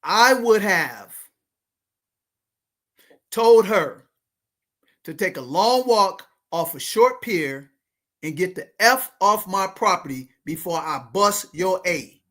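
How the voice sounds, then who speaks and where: A woman's voice: medium pitch, expressive, slow pace, long pauses. A woman in her fifties hosting a podcast, telling a story dramatically and calling out to the audience. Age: 50s. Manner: dramatic, addresses listeners as ladies and gentlemen. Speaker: show host.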